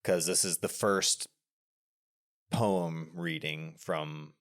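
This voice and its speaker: Deep-voiced and fairly even in intonation, this podcast co-host draws out his words while chatting casually about a film. His scene-by-scene breakdown wanders, stretching explanations out with many fillers and restarts.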